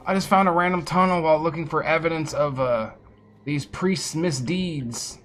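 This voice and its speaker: A man streaming a fantasy role-playing game, commenting casually and excitably and swearing freely as he reacts to the game. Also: fairly high pitch, normal speed, soft background music. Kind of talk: live gameplay commentary.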